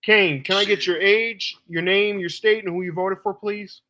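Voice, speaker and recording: A man's voice: high voice, fairly even intonation, normal speed, sharp tone, poor audio. A man hosting a live stream debate, talking bluntly and assertively to callers, casually calling them baby.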